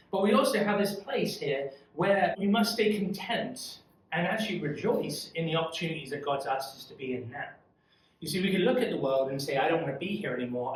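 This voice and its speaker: A man leading a youth Bible study, teaching in an earnest, conversational way and putting questions to the group. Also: a little high. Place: church room. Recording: echoey room from far off.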